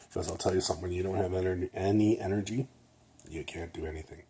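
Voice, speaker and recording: A man's voice: sits low, fairly even intonation, fast talker, mellow, a little hiss or hum. An older man, a retired nurse, talking casually to camera in a rambling way, a little nasal and often checking in with "okay?". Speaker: vlogger.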